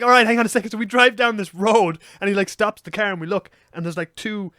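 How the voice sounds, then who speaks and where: Fast-talking Irish man telling a story. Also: sits high, no echo, studio quality. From Ireland. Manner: animated, swears freely, rapid. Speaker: podcast co-host. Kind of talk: casual storytelling chat.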